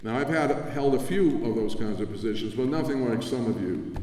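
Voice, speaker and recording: A man's voice: mid-range voice, animated, fairly quick, a little mellow. An older man from New Jersey giving an award acceptance speech at a convention, reminiscing in a conversational way with asides. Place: large convention hall. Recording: echoey hall from far off.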